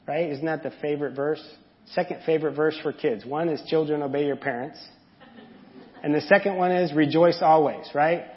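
Speaking to his congregation in a church sanctuary, an adult father figure delivers a sermon in a plain, chatty style, often pausing to ask them questions. For a man, his pitch runs slightly high, and his tone stays steady at a moderate pace. The lo-fi recording sounds dull and echoes with the lingering reverb of a large room.

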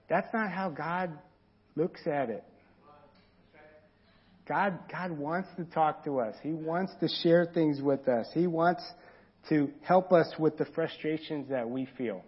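A man with a husky, somewhat high voice delivers a casual, conversational sermon. The recording sounds dull and lo-fi, and he sometimes slips into quoted voices that rise in pitch and volume. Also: measured pace. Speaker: pastor.

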